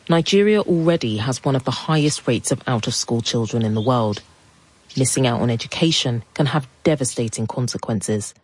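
A woman reporter narrating a news feature in a calm, steady voice. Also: extremely low pitch, husky, rough recording.

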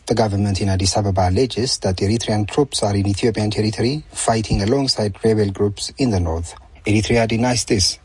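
Raspy male news correspondent. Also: fairly low pitch, no room sound, low-quality recording. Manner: steady, formal reporting. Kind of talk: scripted news report.

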